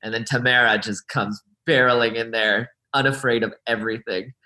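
A young man, an actor and guest, telling stories in a lively, animated way in a casual interview and laughing often. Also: medium pitch, normal speed, reverberant, poor audio.

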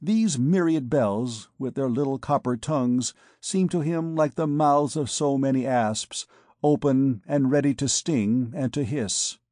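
A man narrating a classic novel in a steady, measured reading voice. The sound is close and dry, with a mid-pitched tone typical for a man. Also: no room sound. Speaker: audiobook narrator. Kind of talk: scripted narration.

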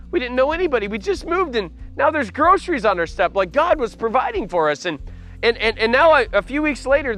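A man preaching a personal testimony, telling the story with animated energy and frequent restarts. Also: sits high. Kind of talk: testimony sermon.

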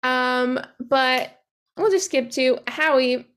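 A young woman co-hosting a podcast, casually recapping a movie in a chatty, profane way with quick asides, acting out the characters' lines as she goes. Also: high-pitched, a bit bright. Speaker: podcast co-host.

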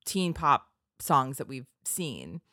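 A woman's voice: a bass voice, very animated, takes it slowly, bright, forceful tone, no echo, studio quality. A young woman from the United States, chatting casually and giggling, using "like" a lot. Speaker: podcast co-host, songwriter. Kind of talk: casual chat.

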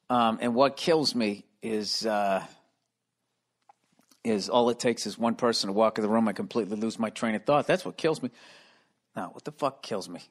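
A middle-aged man hosting a podcast from his home, rambling loudly and profanely and losing his train of thought. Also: medium pitch. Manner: profane, loud, easily sidetracked. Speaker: podcast host. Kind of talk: rambling comedic monologue. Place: room at home.

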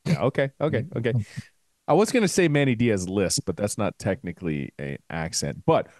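A man hosts a casual sports podcast segment in a playful, joking way. His pitch jumps around a lot, and the sound is dry and close. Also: expressive, fairly quick, a little mellow, no echo. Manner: playful, does goofy voices. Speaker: podcast co-host.

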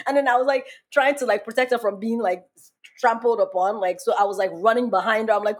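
A woman hosting a podcast, telling a story in casual chat, animated and laughing as she acts out quotes. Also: mid-range voice, fast, husky. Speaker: podcast host.

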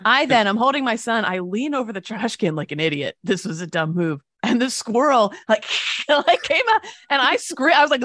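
A woman co-hosting a casual talk show, telling stories and reading news with lively voiced quotes. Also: on the high side, fairly quick, few pauses, no echo, clean studio sound. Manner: animated storytelling with voiced quotes. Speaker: co-host.

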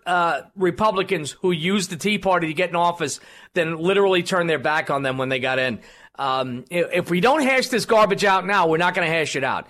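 A man's voice: high-pitched, fairly bright tone. A man hosting a political talk radio show, rambling with many fillers and restarts. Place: radio studio.

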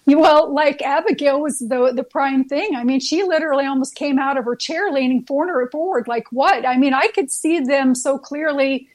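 A woman's voice: high-pitched, normal speed, few pauses. A nurse, a woman, earnestly telling heartfelt stories as a guest, with frequent fillers and restarts. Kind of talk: storytelling guest on a talk show.

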